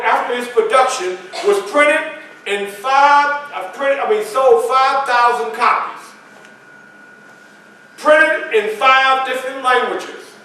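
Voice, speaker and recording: A man's voice: very high voice, bright, forceful tone. Man telling history in first person. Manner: folksy, conversational storytelling. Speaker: historical reenactor. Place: library event room. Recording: echoey room, mic far off.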